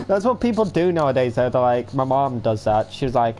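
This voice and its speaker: A man's voice: medium pitch, expressive, fairly quick, a little mellow, slight background noise. A man in his late teens, chatting casually and rambling to viewers on a home livestream.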